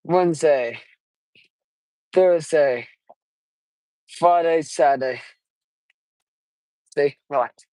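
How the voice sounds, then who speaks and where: An eighteen-year-old man chats through a casual walking vlog in a quiet, soft-spoken way, drifting between thoughts and restarting his sentences. He takes his time, with an unhurried, drawn-out delivery. The sound is dry and close, caught on wireless earbuds. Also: a little high, no room sound, poor audio. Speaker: vlogger. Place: outdoors on a suburban walk.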